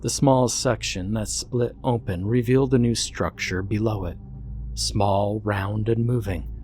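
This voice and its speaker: A man narrating a horror story in a measured, suspenseful way. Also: fairly low pitch, a little mellow.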